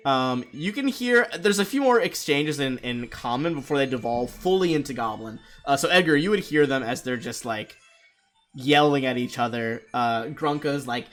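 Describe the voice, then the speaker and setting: A man acting as game master for a tabletop game, narrating scenes and rules in a loose, laughing way. His pitch moves up and down a great deal as he talks. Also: normal speed, soft background music. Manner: lively, laughing, loose descriptions.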